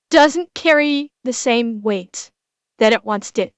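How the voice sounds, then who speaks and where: A woman streamer giving a casual reaction commentary, earnest and emotional, talking in halting bursts full of restarts and repeated words. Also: high-pitched, lively intonation, fairly bright tone, dry recording.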